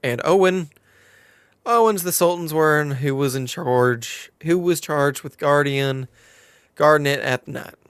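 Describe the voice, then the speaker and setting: A man's voice: a little high, racing, warm tone, smooth, dry recording, natural voice. Man doing a confiding southern-drawl innkeeper lady, game dialogue read aloud, dry close sound.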